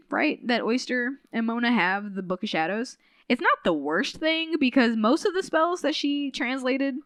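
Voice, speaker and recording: A woman podcast host casually recapping a novel's plot in a chatty, animated way, full of "like" and acted-out quotes. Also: clear, resonant tone, dry recording. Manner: chatty, filler-heavy retelling with lots of "like"; animated, quotes characters with shifting pitch.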